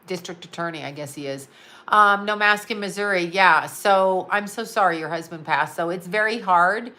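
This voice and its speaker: A woman's voice: mid-range voice, pushed and bright. A woman chatting casually on a live stream, rambling and blunt, laughing often and swearing freely. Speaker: psychic and astrologer answering live chat.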